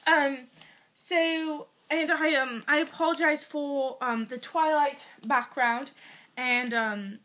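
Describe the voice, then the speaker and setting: A woman's voice: high-pitched, fairly even intonation, slow pace, a bit bright. A teenage girl speaking in a put-on British accent, hesitant and playful, full of ums, explaining a school project into an iPad in her bedroom. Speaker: student. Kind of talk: homemade school project video. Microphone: iPad built-in mic.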